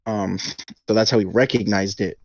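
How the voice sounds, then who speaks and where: A man with a lowish voice walks through a film's plot on a casual podcast, padding it with fillers and quick acted-out lines. The sound is dry and a bit dull, like a lo-fi recording. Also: steady tone, a little mellow, dry recording. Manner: rambling recap with many fillers and acted-out quotes. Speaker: podcast co-host leading the movie breakdown.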